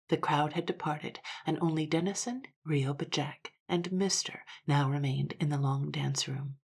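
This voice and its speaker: A woman narrating a classic story in a measured voice that sometimes drops to a hush. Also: deep voice, creaky, breathy edge.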